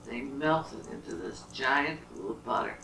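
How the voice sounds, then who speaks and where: A woman telling a children's story aloud to a child at home, animated and asking questions along the way. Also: rumbling low, measured pace, creaky, noisy background. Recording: roomy, from a distance.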